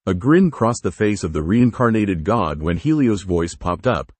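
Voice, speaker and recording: Man, story reader, lively up-and-down delivery, deep voice. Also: moderate pace, few pauses, husky, no room sound. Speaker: fanfiction reader. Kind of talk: narrated reading of fan fiction.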